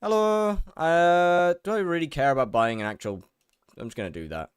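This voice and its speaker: A man's voice: medium pitch, sing-song, quick pace, clean tone, no echo, studio quality. A young man chatting casually while he streams a game, rambling, repeating words and answering his chat.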